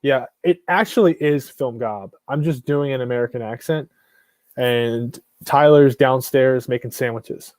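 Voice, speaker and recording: A man running a casual live stream, talking in a blunt, rambling way, often restarting his sentences. His voice sits at an ordinary middle pitch. The sound is dry and close, with little room behind it. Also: measured pace, a little mellow, no echo. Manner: blunt, rambling, frequent restarts and mild swearing.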